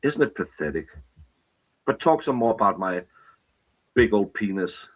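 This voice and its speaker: A man's voice: fairly low pitch, sing-song, measured pace, low-quality recording. Furious, insulting man ranting. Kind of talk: angry ranting clip.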